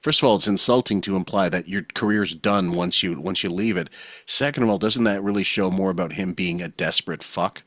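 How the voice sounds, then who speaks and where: Deep-voiced man in wry podcast chat. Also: brisk, a bit bright, dry recording, clean studio sound. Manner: wry, opinionated, laughs often. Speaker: podcast host. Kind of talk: casual podcast commentary.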